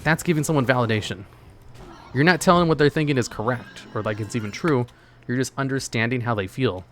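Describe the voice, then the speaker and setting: A man's voice: medium pitch, brisk, fairly bright tone, soft background music. Laid-back rambling male streamer. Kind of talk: casual chat while gaming, answering chat.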